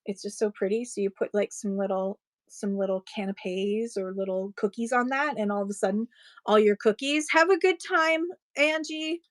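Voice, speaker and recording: In a mid-range, steady, slightly mellow voice with no echo, a woman in her forties shows off items on a live-stream sale. Her talk is casual and chatty, drifting into digressions, and she laughs easily.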